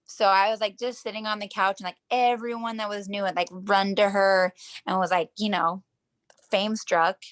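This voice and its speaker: A woman dancer chatting in a casual interview over a video call, her voice sitting in an ordinary middle pitch. She tells her stories in loose, rambling runs, leans on "like" constantly, and slips into the voices of the people she quotes. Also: steady tone, moderate pace. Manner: rambling storytelling, heavy use of "like", acts out quotes. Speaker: professional dancer, interview guest.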